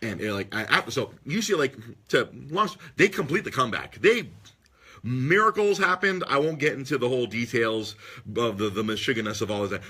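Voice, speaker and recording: A podcast host telling an excitable story in casual chat, swearing freely and breaking into loud, shrieking impressions. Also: male voice, mid-range voice, a little fast, husky. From Los Angeles area.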